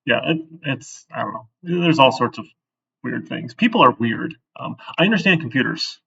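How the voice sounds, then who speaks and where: Heard through a distant, dull classroom recording, this man teaches programming in a mid-range, gravelly, husky voice with a sharp tone, lively intonation, and a moderate pace. As he live-codes, he chats casually, thinks aloud, and frequently asks "right?".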